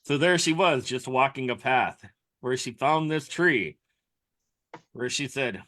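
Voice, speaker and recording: A man's voice: medium pitch, a little slow, sharp tone. A man co-hosting a comedy podcast, telling a story playfully with dramatic emphasis. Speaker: podcast co-host. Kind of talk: casual comedy podcast banter.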